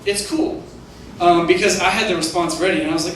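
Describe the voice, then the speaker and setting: A young man works through a stand-up set in a hesitant, self-mocking way, leaning on "like" as he goes. His voice sits a little high. It is picked up from a distance in a very echoey theater with clear noise underneath. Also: fairly even intonation. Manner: halting, self-deprecating delivery with many "like"s. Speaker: stand-up comedian. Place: comedy theater stage.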